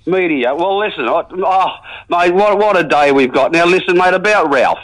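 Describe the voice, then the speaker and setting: A man's voice: sits high, lively intonation, normal speed, a bit bright, poor audio. A man playing a folksy, matey rural bloke with an Australian accent, phoning in to a comedy radio sketch. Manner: rambling, folksy, jokey. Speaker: regular caller.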